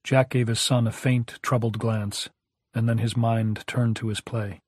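A man narrating an audiobook in a measured, even way. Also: medium pitch, slightly rough, no room sound, studio quality.

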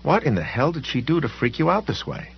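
A man's voice: medium pitch, wildly swooping pitch, brisk, gravelly, husky, lo-fi sound, voice pushed up, exaggerated voice. A man voicing an urgent, questioning realtor. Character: uneasy small-town male realtor, pressing questions.

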